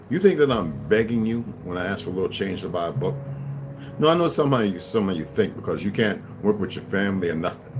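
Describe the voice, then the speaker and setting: Guy in his fifties ranting on a livestream, cussing a lot, stream of consciousness, music going in the background. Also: low-pitched. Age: 50s. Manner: profane, blunt, stream-of-consciousness; repeats filler words, restarts. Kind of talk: rambling livestream monologue.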